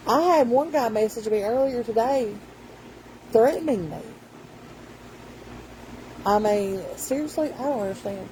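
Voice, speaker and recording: A woman's voice: mid-range voice, dark tone, a little hiss or hum, poor audio. A woman, telling a rambling story in casual vlog chat. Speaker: vlogger.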